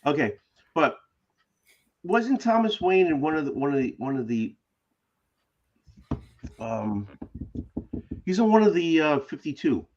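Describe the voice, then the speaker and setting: A man's voice: fairly high pitch, sing-song, unhurried, long pauses, a little mellow, dull audio. A man from Massachusetts in casual chat, hesitant and often restarting his sentences.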